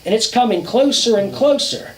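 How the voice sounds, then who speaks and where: High-pitched guy telling a campfire ghost story, casual and dramatic, kinda echoey. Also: animated, crowd noise. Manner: casual, drawn-out and dramatic, with swearing. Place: outdoors around a campfire.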